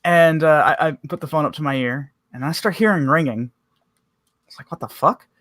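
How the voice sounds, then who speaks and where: A man's voice: a little high, normal speed, fairly bright tone, no echo. A young man co-hosting a podcast, telling stories in casual chat, laid-back, swearing freely and laughing as he goes. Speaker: podcast co-host.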